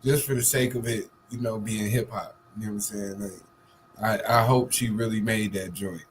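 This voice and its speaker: A man co-hosting a casual talk show, animated and joking, laughing often. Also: on the low side, moderate pace, slight background noise. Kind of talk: casual chat.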